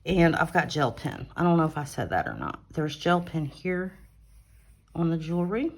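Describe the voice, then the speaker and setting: Showing off finished pages on her adult coloring channel, this woman chats easily, using fillers and correcting herself. Her deep, husky voice moves at a moderate pace, captured at home by a phone on an arm mount.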